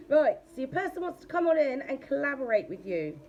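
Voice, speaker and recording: A woman's voice: high-pitched, a little mellow, slight background noise. A woman giving a casual tarot reading. She talks bluntly and chattily, and she swears freely. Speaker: tarot reader.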